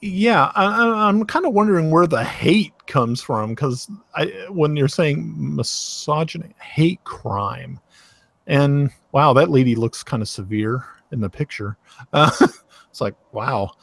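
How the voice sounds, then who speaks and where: A man from Tennessee with a Southern accent, talking casually on a video call, halting with many restarts and fillers. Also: on the high side, animated, gravelly, fairly bright tone, dry recording. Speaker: host. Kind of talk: casual online chat.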